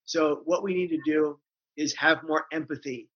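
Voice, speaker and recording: A man's voice: on the high side, steady tone, normal speed, a bit bright. A man speaking as a guest on mental health, earnest and emphatic, repeating phrases for effect. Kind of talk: passionate conversational storytelling. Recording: dull lo-fi audio.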